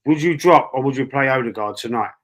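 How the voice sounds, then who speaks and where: Cockney bloke hosting a fan stream, blunt, swears a lot, keeps repeating himself. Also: male voice, medium pitch, quick pace, fairly bright tone. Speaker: football fan channel host. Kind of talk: casual live-stream chat.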